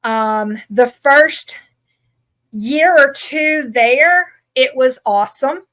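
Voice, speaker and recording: A woman in her forties with a mild Southern accent and a fairly high voice, sharing her story as a podcast guest. She talks in a chatty, self-deprecating way, with plenty of ums. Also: very slow, a bit bright. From Georgia, USA.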